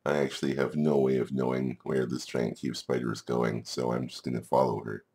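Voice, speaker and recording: A man's voice: rumbling low, level tone, brisk, a little mellow. A man narrating a game like a storybook, playful, with chuckling asides. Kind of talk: storybook narration over gameplay.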